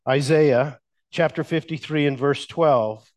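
A male pastor delivering a sermon at an unhurried pace, letting each phrase land before moving on. His voice sits at an ordinary middle pitch. He leans on pauses for emphasis and puts questions to his listeners. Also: darkish tone. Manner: slow, measured preaching with emphatic pauses; addresses the congregation with questions.

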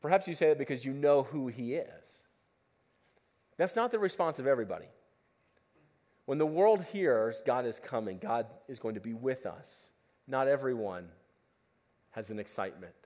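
A male pastor preaching a sermon to a congregation, pleading and impassioned, swinging between loud emphasis and hushed asides. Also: medium pitch, expressive, normal speed, pauses often. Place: church before a congregation.

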